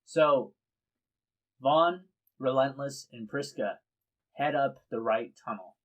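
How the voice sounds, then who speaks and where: A man's voice: mid-range voice, slow, fairly bright tone, low-quality recording. A man acting as dungeon master, describing scenes unhurriedly and hesitating when improvising. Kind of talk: narrating a tabletop game.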